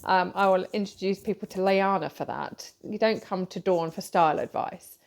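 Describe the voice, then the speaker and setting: A woman's voice: medium pitch, moderate pace, vocal fry. A woman publisher hosting a casual live talk, rambling with many fillers and self-corrections.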